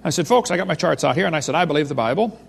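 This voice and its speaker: A man's voice: on the high side, lively intonation, racing, creaky, slight background noise. A man giving a humorous creation seminar lecture, telling folksy stories and cracking wise jokes to a live audience. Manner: folksy, wisecracking storyteller. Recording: long hall reverb.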